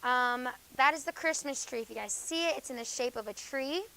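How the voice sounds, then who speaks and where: A woman teaching a high school class, explaining step by step with fillers and frequent "okay?" checks, and now and then firmly telling students off. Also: a little fast, creaky, pushed and bright, slight background noise, low-quality recording. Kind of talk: classroom lecture.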